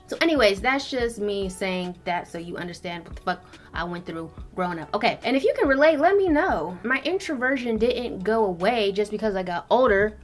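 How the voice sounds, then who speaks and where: Blunt, profane young woman chatting. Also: mid-range voice. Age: 20s. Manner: blunt, profane, animated storytelling. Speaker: beauty vlogger. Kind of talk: casual chat while doing makeup.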